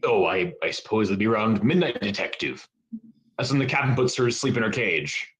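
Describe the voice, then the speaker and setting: A man playing a gruff old pirate sailor in a student stage play, growling pirate talk. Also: lowish voice, expressive, fairly quick, fairly bright tone.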